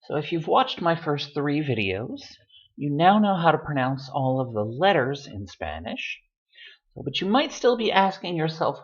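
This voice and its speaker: A man's voice: a little high, very animated, normal speed, muffled recording. A man giving a video lesson, patiently repeating words to show where the stress falls. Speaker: Spanish tutor.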